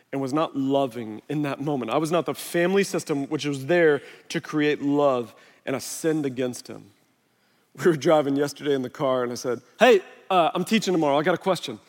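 A middle-aged man, a pastor on a body mic, preaching a sermon in a relaxed, conversational way and telling stories against himself. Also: medium pitch. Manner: conversational, self-deprecating storytelling. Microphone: wireless body mic. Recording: long hall reverb.

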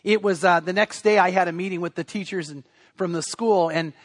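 A man's voice: high-pitched, steady tone, a little fast, no room sound. A middle-aged man preaching a sermon, talking and telling stories in a conversational way and often restarting his sentences. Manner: storytelling, conversational with frequent restarts. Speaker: pastor.

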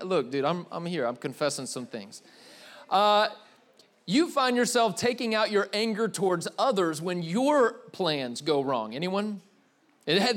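A young man giving a candid, rambling sermon in a church, talking loosely and often saying "man" and "like". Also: sits high. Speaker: pastor. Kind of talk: casual confessional sermon. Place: church hall with live audience.

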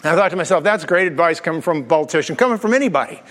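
A man preaching a sermon as pastor, animated and joking, asking the crowd many rhetorical questions. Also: fairly high pitch, racing, in a large hall.

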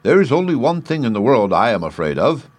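A man doing a husky, friendly scarecrow. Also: mid-range voice, very animated, brisk, dry recording. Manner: friendly and confiding. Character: friendly, gentle male scarecrow of straw.

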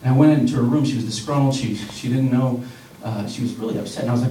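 A man's voice: fairly low pitch, fairly even intonation, fast talker, mellow. A man in his thirties preaching a sermon, talking conversationally with joking asides to the congregation. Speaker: pastor. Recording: echoey room from a distance with faint hiss.

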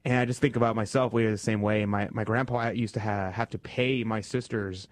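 Relaxed male radio host, dry sound. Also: on the low side, fairly quick, no room sound. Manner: conversational, restarts and reads poetry aloud. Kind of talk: casual chat about faith and poetry. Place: radio studio.

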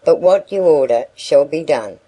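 A woman's voice: low voice, animated, moderate pace, dark tone, husky, poor audio. A woman voicing a talkative rural male packman who coaxes a customer in a broad country dialect. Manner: coaxing sales patter.

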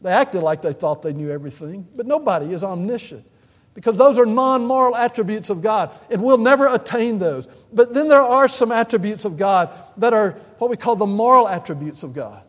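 A pastor preaching a sermon in an earnest way, swelling to emphatic peaks and often pausing with "uh". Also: male voice, sits high, expressive, in a large hall.

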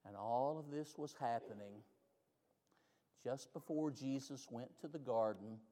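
A man preaching a sermon, moving between loud, rising climaxes and hushed, slow lines. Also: medium pitch, a little hiss or hum. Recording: long reverb of a large hall.

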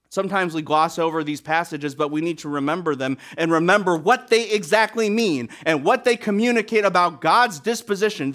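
Delivering a sermon, a male preacher uses a high, lively voice that leaps around in pitch. His animated style swings dramatically, with some lines hit hard and loud and others sinking almost to a whisper.

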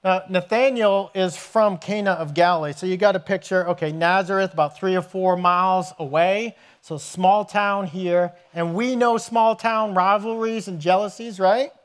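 A man preaching a sermon as pastor, telling scripture stories in an animated way and acting out the scenes. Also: high-pitched, normal speed, hardly any pauses, clear, resonant tone. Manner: animated storytelling, acts out scenes with raised voice.

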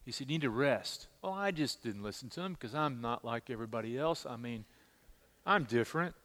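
A middle-aged male pastor preaching a sermon, telling personal stories in an animated way and repeating words as he stresses them. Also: mid-range voice, brisk, in a large hall. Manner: animated storytelling, repeats words when emphasizing.

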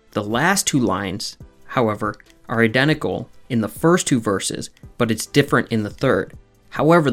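A man at a steady middle pitch hosts his podcast and talks through his points in a scripted teaching style. He is methodical and slows down to stress each key term. Faint music runs quietly behind his voice. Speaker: podcast host.

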